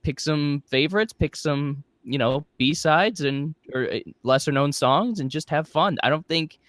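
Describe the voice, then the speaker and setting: A man's voice: fairly high pitch, measured pace, a bit bright, no room sound. A man co-hosting a casual fan podcast, rambling and joking at his own expense. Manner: rambling, jokey, self-deprecating. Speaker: podcast co-host.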